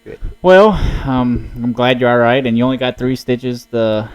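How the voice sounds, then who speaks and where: A man's voice: mid-range voice, little pitch movement, normal speed, clean tone, dry recording, poor audio. A young man co-hosting a casual podcast, easygoing and hesitant, with many fillers. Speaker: podcast co-host. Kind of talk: casual chat.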